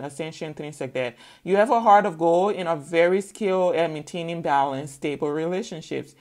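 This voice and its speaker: Blunt, low-voiced woman tarot reader. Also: darkish tone. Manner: blunt, preachy, peppered with "okay?". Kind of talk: casual spoken tarot reading.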